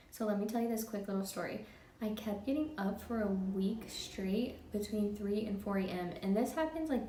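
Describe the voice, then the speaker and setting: A woman's voice: medium pitch, a little mellow, distant mic, a little hiss or hum. Candid twenty-something woman, vlog talk, a bit off-mic in an echoey room. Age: 20s. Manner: candid, chatty, quick laughs. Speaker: vlogger. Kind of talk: casual personal vlog.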